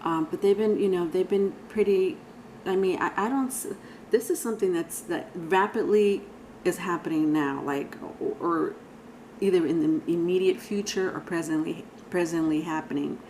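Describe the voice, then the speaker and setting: A woman's voice: fairly low pitch, moderate pace, a little mellow, a little hiss or hum, low-quality recording. A woman giving a casual, rambling tarot reading, talking straight to viewers with sighs and laughs. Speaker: tarot reader.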